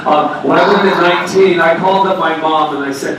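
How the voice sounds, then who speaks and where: A man giving an animated, conversational sermon as a minister, with playful asides. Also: a little high, a little fast, few pauses, distant mic, a little hiss or hum. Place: church sanctuary. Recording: very echoey hall, voice from afar.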